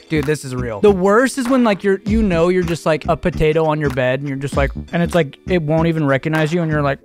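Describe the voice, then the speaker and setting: A young man reacting to memes in an excitable, slangy way, often slipping into silly voices. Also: a little high, quick pace, few pauses. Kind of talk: casual reaction commentary. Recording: music playing behind.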